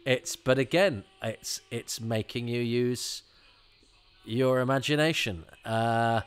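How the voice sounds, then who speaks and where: Speaking slowly, a man with a medium-pitched, clear, resonant voice gives a watch-along commentary on an episode. He's chatty and rambling, with frequent restarts and animated asides.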